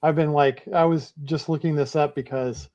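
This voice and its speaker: Man, game master, relaxed, hesitant, um-filled, slightly dull sound. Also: fairly high pitch, normal speed. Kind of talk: explaining game rules.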